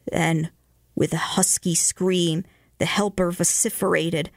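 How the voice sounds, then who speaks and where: A woman radio host reading ghost stories aloud in a measured way, slowing and hushing for the eerie parts. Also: on the low side, steady tone, no room sound, studio quality. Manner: measured, slows and hushes for eerie moments.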